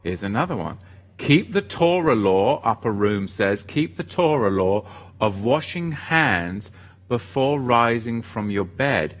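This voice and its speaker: A man's voice: medium pitch, animated, measured pace. A man hosting a ministry livestream, chatting casually and reading viewer comments aloud in an upbeat way.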